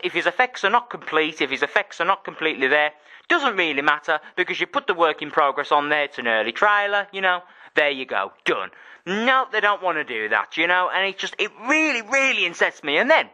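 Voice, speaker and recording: A man's voice: sits high, very animated, brisk, pushed and bright. An angry young English man ranting and swearing on his solo gaming podcast.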